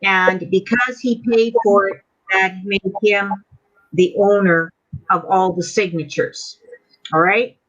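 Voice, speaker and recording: A Canadian woman speaks slowly in a steady, slightly bright mid-range voice, with faint music behind her, as she delivers an angry, accusing speech to her group meeting full of rhetorical questions. The audio is dull and lo-fi.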